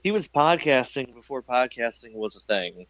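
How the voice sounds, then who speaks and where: A man co-hosting a livestream read-along, excitable, quick to laugh and easily sidetracked. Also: medium pitch, poor audio. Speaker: livestream co-host reading aloud. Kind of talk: casual chat and read-aloud.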